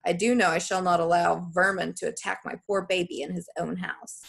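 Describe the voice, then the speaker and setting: A woman's voice: fairly low pitch, little pitch movement, a little fast, gravelly. Woman voicing a haughty scolding foster mother. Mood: stern scolding. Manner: formal, haughty, scolding speech. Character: stern pompous middle-aged foster mother, female. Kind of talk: audiobook character voice.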